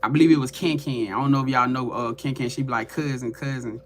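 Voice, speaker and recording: A man hosting a tarot livestream, telling a personal story in a casual, animated way, swearing freely and talking straight to his viewers. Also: medium pitch, quick pace, soft background music. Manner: animated, profane, addresses viewers as y'all. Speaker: tarot reader and livestream host.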